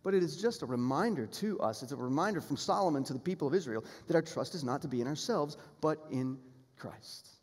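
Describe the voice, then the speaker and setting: A pastor preaching a sermon, earnest and emphatic, building toward appeals and repeating key phrases. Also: male voice, on the high side, lively intonation, a little fast. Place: church sanctuary. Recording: long hall reverb in a church sanctuary.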